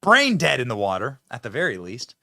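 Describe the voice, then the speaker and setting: A man's voice: medium pitch, huge pitch swings, fairly quick, gravelly, sharp tone, no echo, clean studio sound. A man hosting a mocking political commentary video, talking sarcastically and laughing at the clips he shows.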